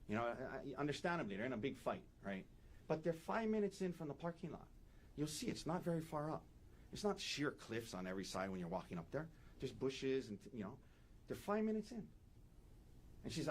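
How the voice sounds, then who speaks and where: Animated man giving an opening statement. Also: on the high side, moderate pace, pauses often. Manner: animated, emphatic, repeats key points. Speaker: defense attorney.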